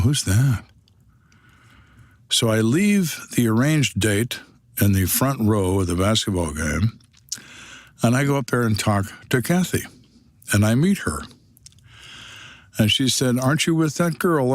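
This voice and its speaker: A man's voice: on the low side, dry recording. A man in his sixties, a retired detective, telling stories on a podcast in a blunt, dry, wry way. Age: 60s. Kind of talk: storytelling on a podcast.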